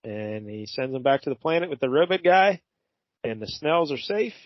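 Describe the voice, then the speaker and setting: A man's voice: mid-range voice, expressive, normal speed, no echo. Laid-back man co-hosting a podcast. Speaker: podcast co-host. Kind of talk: casual chat recapping a comic. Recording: muffled lo-fi podcast audio.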